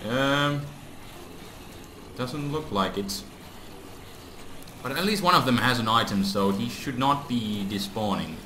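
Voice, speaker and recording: Casting: excitable male gamer, slow unhurried delivery, bright tone, lively pitch, echoey room. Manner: excitable, exclaims often, talks to game mobs. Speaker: gaming YouTuber. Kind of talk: casual Let's Play commentary. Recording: echoey room, faint background noise.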